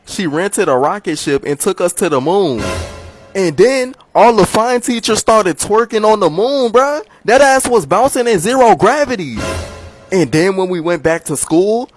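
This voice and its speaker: A man with a high voice rattles off a wildly exaggerated story with plenty of excitement. Casual slang fills his delivery. Faint music plays behind him. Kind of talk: comedy skit.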